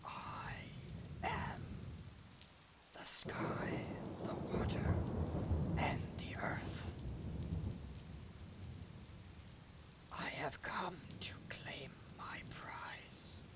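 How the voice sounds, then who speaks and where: A man voicing a giant male lightning god creature who speaks slowly and imperiously in a whispery voice, with rain heard behind. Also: mid-range voice, expressive. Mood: menacing. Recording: rain and thunder noise behind.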